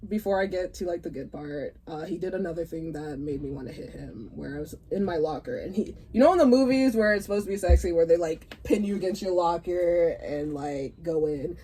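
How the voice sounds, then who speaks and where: A woman's voice: fairly low pitch, fairly quick, few pauses, mellow, a little hiss or hum. A young woman co-hosting a casual chat, telling school stories in a blunt, profane way and laughing often. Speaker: podcast co-host.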